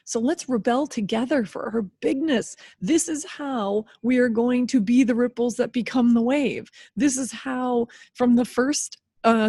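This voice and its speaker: A woman's voice: on the high side, warm tone, no room sound, clean studio sound. A woman in her fifties hosting a solo podcast, talking candidly and with animation, laughing and swearing freely. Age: 50s. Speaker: podcast host.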